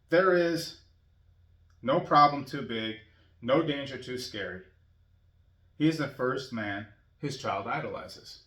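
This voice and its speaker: Middle-aged man, gravelly voice, rambling casual monologue, echoey room, sitting back from the mic. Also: mid-range voice, a bit bright, far from the mic. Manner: rambling, chuckles often, many "you know"s.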